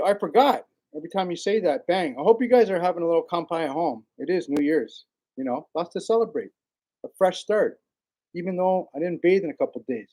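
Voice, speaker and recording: A man's voice: sits high, darkish tone. A man hosting a casual livestream, rambling in a laid-back way, greeting viewers by name and laughing often. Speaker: livestream host.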